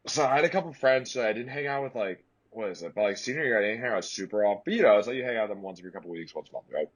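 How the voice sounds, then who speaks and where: A young man in his twenties hosting a podcast, telling stories in casual chat. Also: racing. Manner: animated storyteller, leaps way up in pitch for quoted shrieks. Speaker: podcast host.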